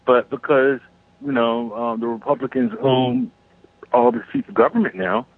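Husky man ranting down a phone line. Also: medium pitch, lively intonation, normal speed, dry recording. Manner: rambling, profane, restarts often. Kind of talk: casual opinionated talk-radio rant.

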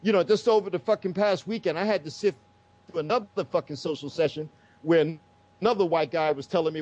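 Brisk and forceful, this U.S. talk show host delivers an angry political rant laced with profanity. His voice is fairly high yet a little mellow, heard through dull lo-fi audio.

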